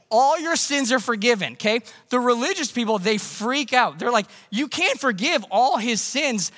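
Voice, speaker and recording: A man's voice: high voice, pushed and bright, long reverb tail. A middle-aged male pastor giving a conversational, emphatic Christmas sermon, asking his listeners questions. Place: church sanctuary.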